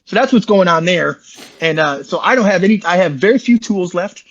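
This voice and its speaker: A man's voice: sits high, animated, a bit bright, highs cut off. A man, an interview guest, telling a long rambling story in slangy, repetitive casual talk over a call. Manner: fast, repetitive, slangy, says "bro" often.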